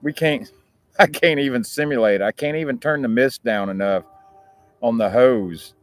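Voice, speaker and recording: A man's voice: mid-range voice, normal speed, no room sound, faint music behind. A man with an American accent, hosting a talk show and chatting casually to his viewers in a rambling, profane way. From United States.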